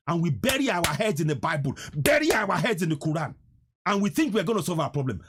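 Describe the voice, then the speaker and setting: Husky, very animated and fairly quick, a high-voiced Nigerian-accented man hosts a political livestream. He mixes Pidgin into his English and preaches, repeating himself to make his point stick.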